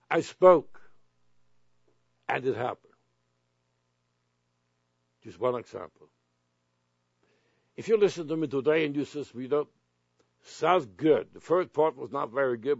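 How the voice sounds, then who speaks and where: A gravelly male pastor preaching a sermon with a slightly husky edge. He builds to forceful commands at the peaks. The recording is dry and a little dull. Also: medium pitch, no echo. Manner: preachy, rising to shouted commands.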